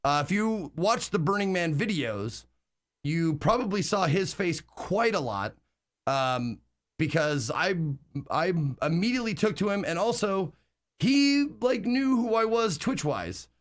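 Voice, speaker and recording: Male streamer, casual chat, rambling delivery with many fillers and casual swearing, slightly high voice. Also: very animated, measured pace. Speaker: live streamer.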